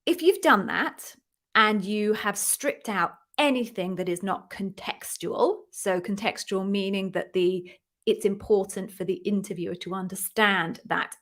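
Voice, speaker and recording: A woman's voice: medium pitch, fairly bright tone. A woman coaching viewers in a chatty live-stream Q&A, upbeat and encouraging. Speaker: interview coach hosting a live Q&A.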